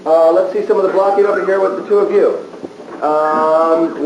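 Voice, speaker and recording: A man directing a rehearsal and giving brisk blocking instructions. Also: high-pitched, steady tone, crowd noise. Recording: very echoey room, heard from far, noisy.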